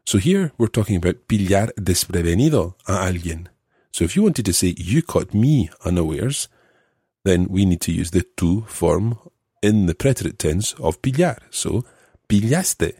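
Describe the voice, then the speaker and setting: A man's voice: low-pitched, big pitch swings, normal speed, warm tone, husky, dry recording, studio quality. A man hosting a language podcast, patiently explaining grammar while stuffed up with a cold.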